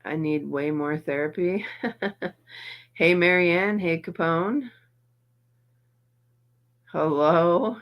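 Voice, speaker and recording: A woman's voice: fairly low pitch, drawn-out words, long pauses. A middle-aged woman hosting a livestream, chatting casually and greeting her viewers by name while in some pain and feeling a little off. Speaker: livestream host reacting to videos.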